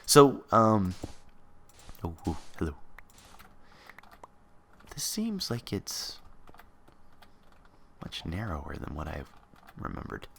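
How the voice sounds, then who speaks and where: Low-voiced man rambling over gameplay. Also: wildly swooping pitch, takes it slowly, creaky, long pauses, fairly bright tone, a little hiss or hum. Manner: rambling, thinks aloud while building. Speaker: let's play host. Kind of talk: casual gameplay commentary.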